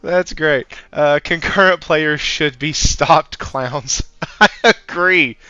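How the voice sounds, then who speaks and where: A man's voice: on the high side, slow, sharp tone, clear, resonant tone, muffled recording. A man co-hosting a casual gaming podcast, laughing often and ranting sarcastically. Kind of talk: casual chat.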